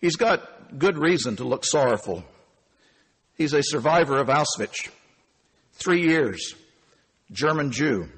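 A man in his fifties telling a first-person story, animated and emphatic. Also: a little high, takes it slowly, long pauses, slightly rough, big-room sound. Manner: animated and emphatic, with punchy phrasing.

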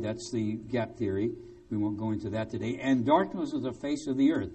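A man preaching a sermon in a lively, conversational way, with joking, sarcastic asides. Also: fairly low pitch, brisk, distant mic.

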